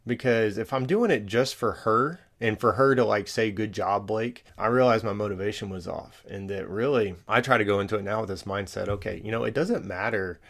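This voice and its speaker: A man's voice: on the low side, a little fast, few pauses, fairly bright tone. A man in his thirties, a podcast guest, talking in a reflective, earnest way with many fillers. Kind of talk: casual chat.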